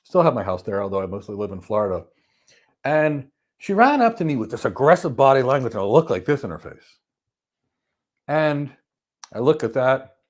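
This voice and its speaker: A man talks about handling stress in an animated, storytelling way. His pitch rises and falls a lot, punching some lines loudly and easing others down to a hush. His voice sits in an everyday middle register. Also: moderate pace. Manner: animated storyteller, swings from loud emphasis to soft calm. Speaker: host. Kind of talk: motivational talk on stress. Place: lives in Florida.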